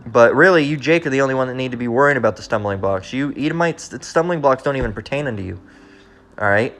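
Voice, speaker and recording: A man's voice: mid-range voice, expressive, fairly bright tone. Blunt preaching man, drilling his point. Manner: blunt, repetitive, keeps asking "all right?"; reads verses slowly and deliberately. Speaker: street preacher. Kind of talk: confrontational scripture teaching.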